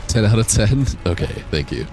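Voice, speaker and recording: A man's voice: lowish voice, very animated, fairly quick, gravelly, noisy background. A young man streaming a game, chatting casually, reading chat aloud and laughing often. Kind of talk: casual livestream chat while gaming.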